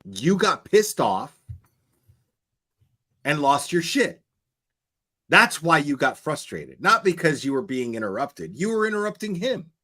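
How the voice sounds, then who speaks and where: A man's voice: fairly high pitch, very animated, moderate pace, sharp tone. A man hosting reaction commentary, blunt and profane, hammering his points over and over. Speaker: commentary channel host.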